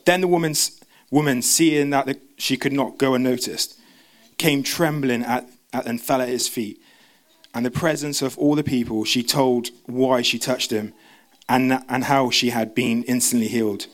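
A man preaching a sermon, talking fast with frequent restarts and stumbles. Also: medium pitch, steady tone. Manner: fast, stumbling, self-interrupting.

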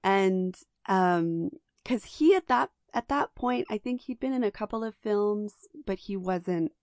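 A woman's voice: medium pitch, expressive, measured pace, a little mellow, no echo, studio quality. A woman co-hosting a podcast, chatting enthusiastically about a film with lots of restarts. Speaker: podcast co-host. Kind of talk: casual film discussion.

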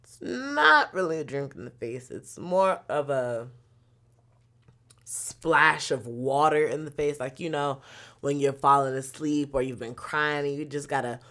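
A young woman with a low voice tells a story as a casual monologue. She swears frequently and swings between loud outbursts and quiet muttering.

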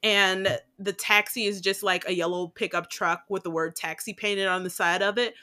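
Her voice sits in the mid-range, steady and bright with a forceful edge, at a moderate pace. As a podcast co-host she chats casually, swearing bluntly, laughing often and wandering off on tangents.

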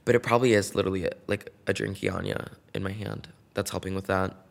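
A young man with a lowish voice hosts a casual podcast on his own. He talks in a campy, gossipy way, jumping from loud outbursts to quiet asides. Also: fast talker, gravelly. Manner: animated, swings between loud bursts and soft asides. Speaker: podcast host. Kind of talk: casual solo podcast chat.

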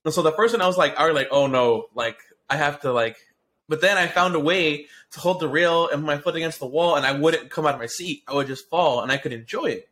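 A man's voice: a little high, quick pace. A man co-hosting a casual podcast, telling a long rambling story full of swearing, restarts and fillers. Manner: excitable, profane storyteller. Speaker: podcast co-host.

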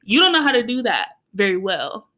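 A woman talks in a bright, clear voice. She is blunt and teasing in casual chat and slips into quoted asides as she makes her case. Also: mid-range voice, sing-song, brisk.

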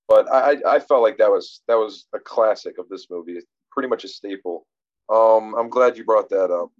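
A podcast co-host chats casually about a film, thinking out loud in a rambling, reflective way with lots of restarts and fillers. His voice is mid-range and darkish, and the recording is muffled.

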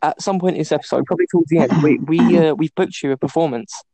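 A young man chats as the host of a podcast, bouncing through anecdotes, quick to laugh and to mimic whoever is in the story. His voice sits a little high but has a soft, mellow tone, and the recording is close and dry. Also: dry recording. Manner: animated storyteller, laughing often, acting out voices. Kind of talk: casual chat.

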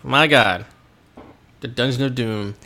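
A man's voice: medium pitch, takes it slowly, bright, forceful tone, slight background noise. A man co-hosting a podcast in casual, jokey chat, laughing often. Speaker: podcast co-host.

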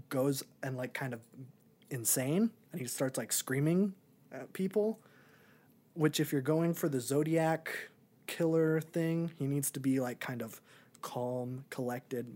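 A man's voice: medium pitch, a little mellow. A young man and podcast co-host in a casual movie review chat, rambling with many ums and likes.

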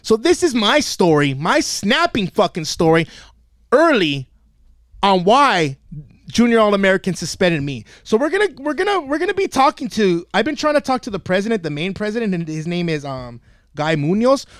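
A man with a high, bouncy voice tells a story full of swearing on a comedy podcast. He acts out everyone in it and gets worked up as he talks. He is recorded dry and close in a studio. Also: moderate pace, no room sound. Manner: animated, swears constantly, acts out quotes. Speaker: podcast host and youth football coach.

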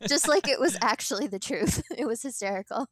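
A woman's voice: a little high, animated, brisk, no room sound, clean studio sound. Giggly young woman guest on a podcast. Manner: chatty, giggly storytelling. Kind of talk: casual chat.

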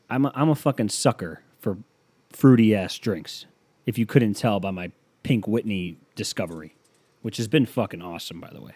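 Male podcast comic, sarcastic and profane, dark tone, dry mic. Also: lowish voice, moderate pace, slightly rough, dry recording. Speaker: podcast host. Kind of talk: comedic monologue.

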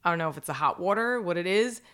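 A woman's voice: lowish voice, lively intonation, quick pace, fairly bright tone, clear, resonant tone. A woman in her thirties in casual podcast chat, telling stories and saying "like" often. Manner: chatty, storytelling, says "like" a lot.

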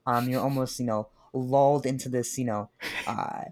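A young man chatting casually about books, animated and joking, often laughing. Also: medium pitch, moderate pace. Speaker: podcast co-host.

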